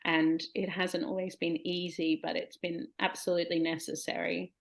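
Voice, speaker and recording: A woman in her forties with an Australian accent talks about herself in an unhurried podcast conversation. Her voice sits slightly low, and she laughs easily and circles back over her words. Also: flat delivery, creaky. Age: 40s. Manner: reflective, laughs easily, trailing restarts. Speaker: guest poet. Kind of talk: casual chat.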